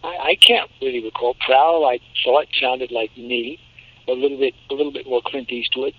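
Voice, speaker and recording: A man in his seventies, a voice actor telling animated, jokey stories in an interview. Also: mid-range voice, normal speed. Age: 70s. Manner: animated, jokey storyteller who slips into demo voices. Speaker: voice actor guest. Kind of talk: anecdotal interview talk. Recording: muffled lo-fi audio.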